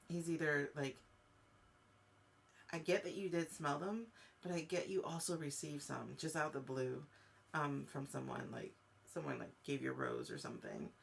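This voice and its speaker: Halting, gravelly-voiced woman medium. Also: low voice, a little hiss or hum. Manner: halting, searching speech full of fillers; speaks directly to a viewer. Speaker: psychic medium host. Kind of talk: live-streamed spirit reading.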